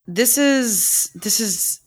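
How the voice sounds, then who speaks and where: A woman's voice: on the high side, lively intonation, very slow, slightly rough. An American woman co-hosting a casual conservation podcast, talking in a playful, teasing way. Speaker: podcast co-host.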